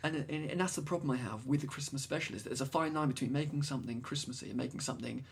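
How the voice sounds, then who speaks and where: A man's voice: mid-range voice, rapid-fire, vocal fry, slightly rough. A British man co-hosting a podcast, chatting casually and rambling with many restarts. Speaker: podcast co-host. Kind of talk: casual chat.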